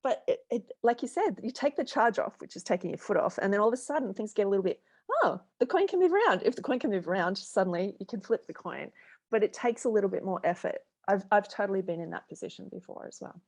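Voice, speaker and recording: A middle-aged woman chats as a podcast guest, a business mentor with a lively storytelling way of talking. Her pitch sits in a middle range for a woman, and she brings anecdotes to life. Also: fast talker, vocal fry. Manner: animated storyteller, acts out voices in anecdotes. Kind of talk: conversational podcast interview.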